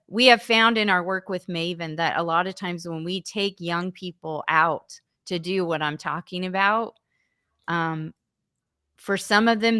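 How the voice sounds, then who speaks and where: A woman's voice: on the low side, pushed and bright, smooth. A woman youth ministry leader answering interview questions, earnest and often restarting her sentences.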